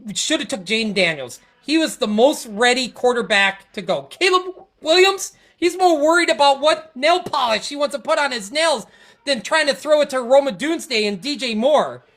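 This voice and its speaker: A woman's voice: high voice, animated, moderate pace, a bit bright. A woman hosting a podcast, ranting in a casual, frustrated way about her football team, rambling and stammering through restarts. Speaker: podcast host. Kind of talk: casual sports rant.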